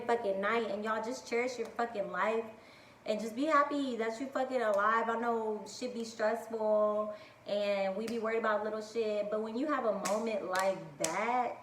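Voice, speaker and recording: A young adult woman telling a story on her video channel, profane and lively, acting out what people said. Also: medium pitch, a little hiss or hum. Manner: profane, animated storytelling with quoted voices. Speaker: vlogger. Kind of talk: casual storytime vlog. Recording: echoey room with faint ambience.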